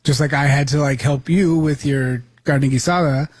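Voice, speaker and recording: A man co-hosting a talk radio show, chiming in with relaxed, dry responses in casual banter. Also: medium pitch, normal speed, husky, dry recording. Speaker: radio co-host.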